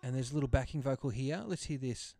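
A man's voice: mid-range voice, quick pace, heavy background noise. A man hosting a music reaction stream, chatting casually and enthusiastically about vocal tracks, often laughing. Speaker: host reacting to multitrack stems.

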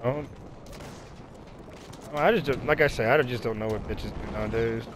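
A man telling profane, animated stories in casual chat while playing a video game. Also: medium pitch, moderate pace, background noise. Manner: profane, animated storytelling, acts out other people's voices. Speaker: gamer chatting while playing. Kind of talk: casual chat over gameplay.

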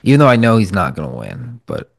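Low raspy-ish podcast dude, cussing, rambling, dry close mic. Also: male voice, wildly swooping pitch, quick pace, no echo. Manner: swears a lot, blunt and rambling. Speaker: podcast co-host. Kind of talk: casual chat.

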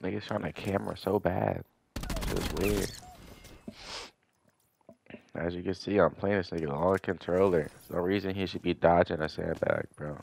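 Young male gamer, low gravelly voice, profane and exasperated trash-talk commentary. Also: fairly even intonation, moderate pace, pauses often, noisy background. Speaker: gaming commentator. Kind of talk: gameplay commentary.

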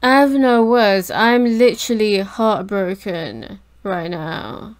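A woman's voice: mid-range voice, slow pace, no room sound. A woman reacting to an anime episode, distraught and swearing as she talks back at the screen. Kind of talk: emotional reaction commentary.

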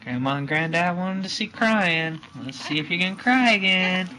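A woman filming at home by a changing table, talking to a baby in soft, coaxing baby talk. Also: fairly low pitch, animated, moderate pace, poor audio.

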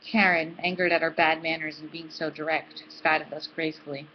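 A woman hosting a book club, reading a novel aloud in a steady, dry manner. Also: sits low, brisk, few pauses, highs cut off, a little hiss or hum.

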